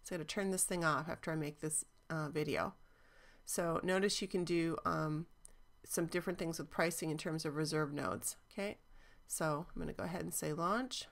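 Lower-pitched woman narrating a software demo. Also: fairly even intonation, normal speed, gravelly. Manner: chatty, enthusiastic, frequent ums. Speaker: cloud database instructor. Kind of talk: screen-recorded software walkthrough.

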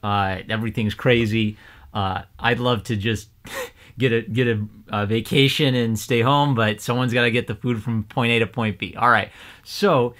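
A man at home giving a casual ranting vlog tip to his viewers, animated and laughing often, getting louder as he gets excited. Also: medium pitch, moderate pace. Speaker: YouTuber.

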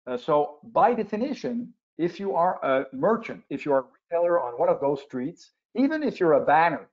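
Older francophone man, expert guest, halting restarts, muffled webinar sound. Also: a little high, very animated. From Quebec, Canada. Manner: explanatory, with frequent restarts and uh fillers. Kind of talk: webinar interview answers. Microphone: video call. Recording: lo-fi webinar audio.

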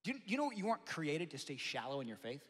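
Man, pastor, sermon, loud-to-hushed delivery, fairly high voice, long hall echo. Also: fast talker. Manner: animated, swings from loud preaching to soft hushed asides. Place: large church hall.

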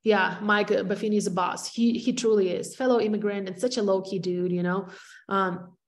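A middle-aged woman speaks English with a clear non-native accent, teaching on a video call at a mid-range pitch. Her delivery is energetic and emphatic, and she repeats words to drive each point home. She sounds like a practiced presenter coaching her peers. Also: normal speed. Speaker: real estate agent presenting to peers. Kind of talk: training talk on a video call.

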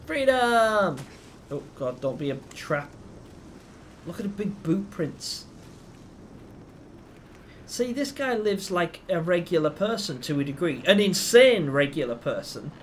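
Excitable man playing a game. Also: a little high, a little slow, long pauses, slight background noise. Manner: excitable, swears a lot, talks to the game. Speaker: gaming YouTuber. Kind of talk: let's play commentary.

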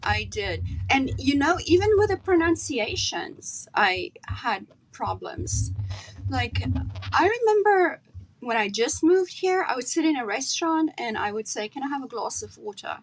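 A woman from South Africa, an actress chatting as a guest on a video call, telling stories with animated delivery. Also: high-pitched, unhurried, a little hiss or hum, low-quality recording. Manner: animated storyteller, acts out her own accent. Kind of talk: casual interview chat.

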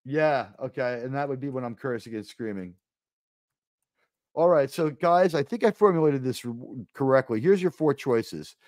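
A man's voice: mid-range voice, normal speed, no room sound, clean studio sound. Rambling New York-accented male streamer. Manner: rambling, restarts mid-sentence, animated bursts. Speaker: livestream host. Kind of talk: casual live-stream chat.

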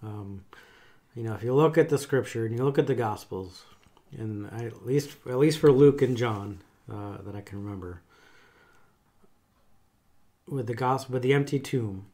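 A middle-aged man who works as a chaplain, talking in a thoughtful, halting way with many pauses and fillers. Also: mid-range voice, dark tone. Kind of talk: casual conversation.

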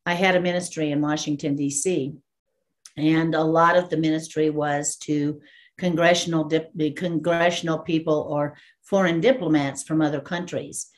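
A woman's voice: low voice, moderate pace. A woman from Texas, a guest minister telling her story in an interview and laughing often. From Texas, USA. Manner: lively storyteller who acts out the dialogue and laughs often.

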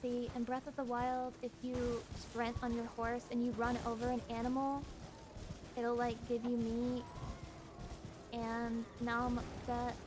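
A woman casually talking through a video game on a live stream, chatty and prone to loud shrieks of surprise. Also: fairly high pitch, completely flat delivery, a little slow. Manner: chatty, reacts loudly with shrieks. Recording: music playing behind.

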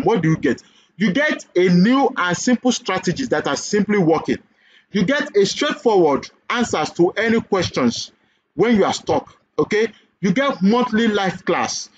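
Pitching an online business course in a sales webinar, a Nigerian-accented man persuades his audience with repeated questions and frequent "okay?" checks. His voice has a breathy edge, and the recording's highs are cut off.

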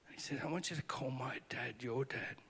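In a large conference hall, a male pastor delivers a sermon in a husky, mid-range voice with some vocal fry, speaking a little fast. He tells animated stories, acting out the dialogue and poking fun at himself.

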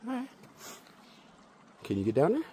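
A man vlogging outdoors at a beach spot while walking his dog, calling to it in high, loud bursts and dropping to low asides. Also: wildly swooping pitch, normal speed, slight background noise. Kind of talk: casual vlog chatter.

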